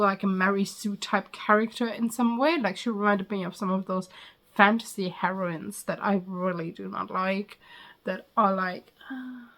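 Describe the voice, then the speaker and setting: A woman's voice: mid-range voice, fairly bright tone. Chatty woman giving a casual review. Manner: chatty, frequent ums and likes. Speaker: book reviewer. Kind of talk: casual spoken book review.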